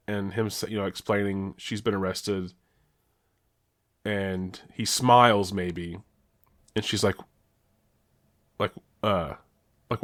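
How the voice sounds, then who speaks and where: A man's voice: fairly low pitch, a little slow, pauses often, a bit bright, dry recording, clean studio sound. A man co-hosting a podcast in casual chat, laughing often and restarting his sentences. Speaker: podcast co-host.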